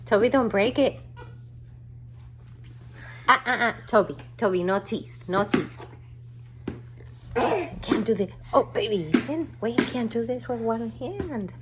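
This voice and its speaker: A high-pitched woman talks slowly in coaxing, sing-song baby talk, as if to pets and an infant. She is filming a casual home video on a handheld phone in a family home. The recording carries a clear layer of background noise. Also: low-quality recording. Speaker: family pet-monkey vlogger.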